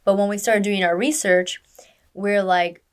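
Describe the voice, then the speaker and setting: A woman's voice: medium pitch, a little slow, smooth. Young woman chatting on a podcast, voice jumps up when she quotes people, lots of likes and ums. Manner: animated, acts out quoted dialogue, many fillers. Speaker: stunt performer guest. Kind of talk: casual interview storytelling.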